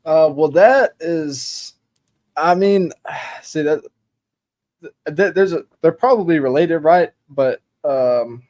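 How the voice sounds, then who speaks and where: A man on a casual panel chat, hesitant and halting, sighing between thoughts. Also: a little high, a little mellow. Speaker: guest panelist.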